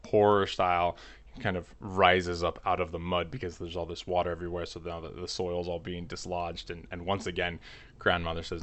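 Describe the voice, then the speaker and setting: A man's voice: low-pitched, flat delivery, moderate pace, fairly bright tone. A man telling a comic family story in a rambling, nervous way, full of restarts. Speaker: channel host.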